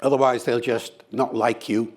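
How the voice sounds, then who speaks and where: Older man explaining with animated flair. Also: medium pitch, moderate pace. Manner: animated, lively storytelling with playful demonstrations. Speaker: linguist being interviewed. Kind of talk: conversational interview answer.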